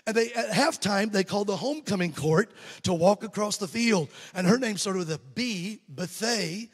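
High-voiced Southern evangelist telling jokes. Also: male voice, normal speed, breathy edge, big-room sound. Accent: Southern American. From Alabama. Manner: animated, joking with the crowd. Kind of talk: sermon storytelling. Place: church sanctuary.

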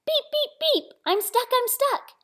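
A woman voicing a small, friendly little truck in a children's storybook, with a squeaky, eager delivery. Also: expressive, a little slow, sharp tone, full character voice. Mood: panicked. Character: cheerful friendly little blue pickup truck.

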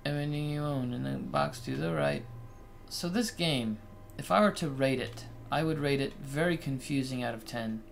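A man's voice: mid-range voice, moderate pace, gravelly, a little hiss or hum. A man casually commenting on a game he's playing with friends, laid-back and swearing when startled. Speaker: let's play host.

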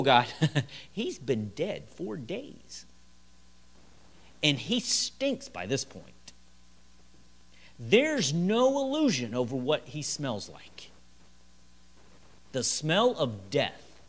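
A middle-aged male pastor preaching a midweek sermon in a church, telling stories with acted-out quotes and chuckles. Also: fairly high pitch. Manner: lively, storytelling delivery with chuckles and acted quotes. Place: church sanctuary.

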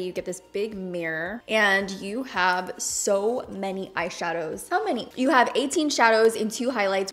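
Young woman vlogger, excitable and chatty, mid-range voice, casual tutorial delivery. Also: mid-range voice. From Hispanic background, speaks without Spanish accent. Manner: bubbly, enthusiastic, chatty. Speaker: beauty YouTuber. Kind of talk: makeup tutorial talk.

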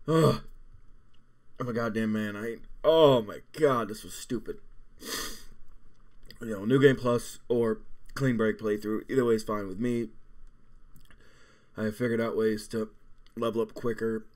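A man's voice: on the low side, flat delivery, normal speed, pauses often, a little mellow. A man in his twenties chatting casually as a vlog host while suffering through a hot pepper. He is teary and burning, groaning, swearing and breaking off mid-sentence. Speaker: gaming channel host.

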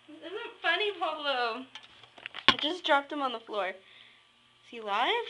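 A woman vlogging casually at home, excitable, prone to squeals and nervous giggles. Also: high-pitched, background noise. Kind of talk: casual vlog narration.

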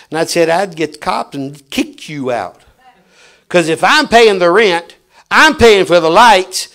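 A middle-aged man preaching a sermon, telling stories and swinging from hushed lines to shouts. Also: sits high, lively intonation, unhurried.

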